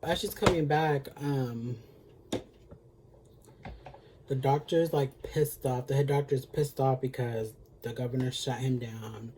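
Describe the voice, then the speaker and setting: A man's voice: medium pitch, fairly even intonation, a little slow, mellow, slight background noise. A man recapping a TV episode in a chatty, sassy way, with lots of filler words and free swearing. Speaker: beauty vlogger.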